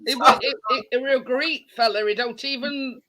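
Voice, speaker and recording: A man with a very high, sharp, bright voice, co-hosting a livestream. He trades teasing banter in loose, casual chat. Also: steady tone, moderate pace, a little hiss or hum. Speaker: livestream co-host.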